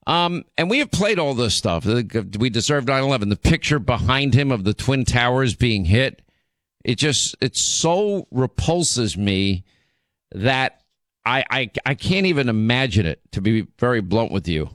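A man's voice: mid-range voice, big pitch swings, a little slow, fairly bright tone, no echo. A man hosting a radio and podcast show, talking in an indignant, emphatic way with many restarts. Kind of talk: talk radio commentary. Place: radio studio.

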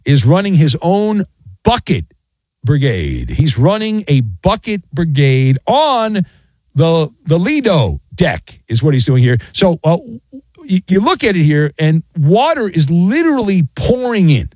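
A man's voice: on the high side, very animated, measured pace, darkish tone, dry recording. A man giving jokey, theatrical solo sports commentary. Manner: theatrical, jokey, mock sound effects.

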